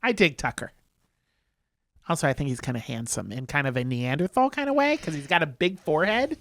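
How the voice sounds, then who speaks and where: A man co-hosting a podcast in casual chat, playful and quick to laugh. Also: on the high side, expressive, a bit bright. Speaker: podcast co-host.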